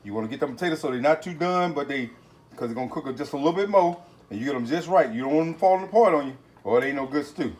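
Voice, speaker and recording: A man hosting a home cooking video, talking folksy and excitable, with catchphrases aimed at his viewers. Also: fairly high pitch, fast. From Texas. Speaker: home cooking channel host. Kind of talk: casual cooking video talk. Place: home kitchen.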